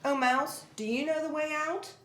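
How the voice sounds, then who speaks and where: A woman's voice: high-pitched, steady tone, normal speed, fairly bright tone, voice pushed up. A woman voicing Alice, an earnest and polite young girl in a storybook reading. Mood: hopeful. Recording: roomy echo.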